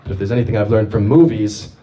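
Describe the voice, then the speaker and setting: Guy doing open mic stand-up, bouncy storytelling, kinda far from the mic, noisy room. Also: quick pace. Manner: animated, jumpy storytelling with big pitch swings. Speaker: stand-up comic. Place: small open mic venue. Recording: distant mic with audible noise.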